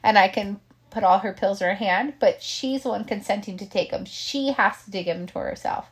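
A woman's voice: medium pitch, normal speed. A middle-aged woman who works as a caregiver, talking casually and leaning on filler words. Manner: chatty, leans on "like" fillers. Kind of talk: casual talk.

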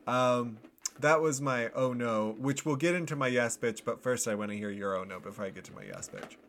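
A man's voice: medium pitch, very animated, brisk, fairly bright tone, slight background noise. A young man co-hosting a podcast, chatting casually and rambling with lots of fillers and self-deprecating laughs. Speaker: podcast co-host. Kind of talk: casual chat.

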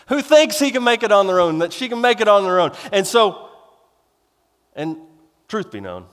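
A male pastor delivers a sermon in a folksy, rambling manner, restarting phrases and joking at his own expense. His voice sits high for a man. A long reverb from a large sanctuary trails each phrase. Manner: folksy, rambling with restarts and self-deprecating humor.

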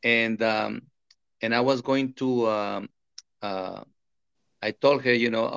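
A man, speaking in a bright, forceful voice, pauses often and restarts his sentences. The room is dry and close, and the recording sounds a little dull. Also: medium pitch, steady tone, creaky, clean tone, no room sound. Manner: halting, many fillers and restarts. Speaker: interview guest. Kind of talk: personal interview talk.

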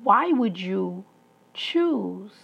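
A woman's voice: mid-range voice, big pitch swings, drawn-out words, gravelly, breathy edge, highs cut off. A woman talking through a personal story in an emphatic monologue, laughing between her points. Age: adult, past school age.

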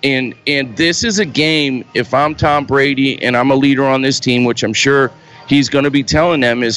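A former football player talks earnestly about the game as a guest analyst. His voice sits at an everyday pitch, and he speaks with firm emphasis. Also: fairly even intonation, normal speed, fairly bright tone, rough recording. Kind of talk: casual sports talk.

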